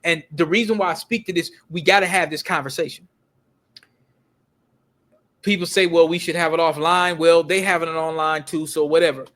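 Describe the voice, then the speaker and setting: A man's voice: on the high side, fairly even intonation, normal speed, fairly bright tone. A man telling stories in a casual, emphatic rant, full of street slang and repeated words. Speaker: video commentator.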